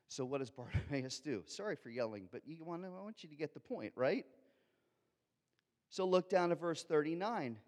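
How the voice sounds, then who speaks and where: A man preaching a sermon as a pastor, swinging from soft asides to loud, fervent outbursts. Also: medium pitch. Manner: animated preaching, shifts from soft asides to loud shouted quotes. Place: large church hall. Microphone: handheld or headset microphone. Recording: long hall reverb.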